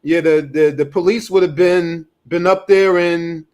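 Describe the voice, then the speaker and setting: A man's voice: fairly high pitch, steady tone, unhurried, darkish tone. A man co-hosting a podcast, chiming in and agreeing repeatedly in casual chat. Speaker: co-host.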